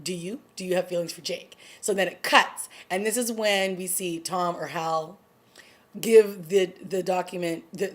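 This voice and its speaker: A woman hosting her own TV review vlog, talking casually through an episode's plot and acting out the characters' lines in quick asides. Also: fairly low pitch. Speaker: TV review vlogger. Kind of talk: casual recap chat.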